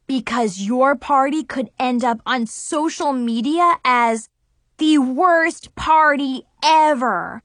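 A woman voicing Zoe, a worried teenage girl who speaks in urgent warnings, read slowly in a storybook. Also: a little high, lively intonation, no room sound, clean studio sound. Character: teen girl best friend Zoe, worried.

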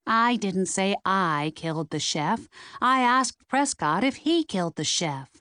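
Woman doing a defensive woman, exasperated, flustered, unhurried. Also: mid-range voice, expressive, pushed and bright, no room sound, clean studio sound. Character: flustered woman caught having an affair.

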